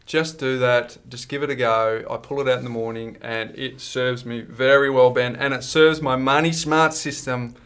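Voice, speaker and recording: A talkative Australian man in casual podcast banter with his co-host. His voice sits at an everyday middle pitch, and he often breaks into laughter as he teases and tells stories. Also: steady tone, moderate pace, hardly any pauses, a bit bright. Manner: chatty, laughing, playful teasing.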